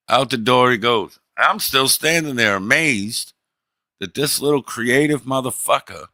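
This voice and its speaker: A middle-aged man streaming, telling a story in a profane, animated way and acting out the people in it. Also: medium pitch, measured pace, no room sound, studio quality. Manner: profane, animated, acts out the people in his stories. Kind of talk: casual storytelling.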